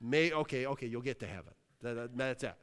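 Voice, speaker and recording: A man's voice: medium pitch, animated, quick pace. A man from Western Pennsylvania preaching a sermon, breaking in with cries of hallelujah and checking in with the congregation. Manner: exclaims hallelujah, asks the crowd. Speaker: pastor. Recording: long hall reverb.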